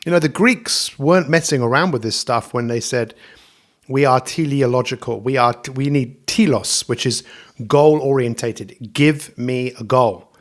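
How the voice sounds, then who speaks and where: Energetic upbeat man hosting a podcast. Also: medium pitch, measured pace. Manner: energetic, upbeat, repeats catchphrases. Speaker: podcast host and coach. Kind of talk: motivational solo podcast. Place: indoors at home, coffee in front of him.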